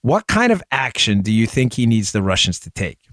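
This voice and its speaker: A man hosting a talk show, speaking rapidly and emphatically and addressing listeners directly on a close studio mic. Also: fairly low pitch, very animated, a bit bright, no echo. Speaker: show host. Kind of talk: opinion talk show monologue.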